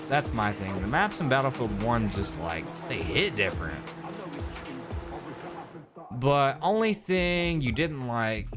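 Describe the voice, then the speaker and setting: A man with a sore throat and stuffy nose, chatting casually and rambling on a late-night live game stream. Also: lowish voice. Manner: rambling, animated, self-interrupting. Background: game music.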